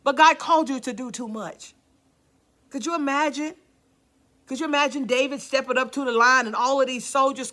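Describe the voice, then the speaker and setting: A woman pastor preaches an impassioned sermon, calling out to the congregation and sometimes dropping to a near-whisper for emphasis. Her high voice is bright and pushed, with fairly even intonation at a moderate pace.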